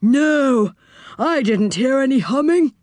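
A woman's voice: sits high, animated, slow pace, darkish tone, dry recording, voice pushed up. A woman voicing a deaf old man covered in saucepans, who mishears everything. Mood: puzzled.

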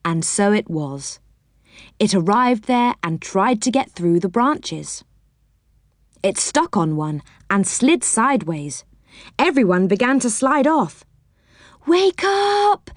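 A woman reads a children's story aloud, taking her time over each phrase. Her voice rises and falls in a very lively way. The recording is close and dry. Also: mid-range voice, no room sound. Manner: expressive, unhurried storybook reading.

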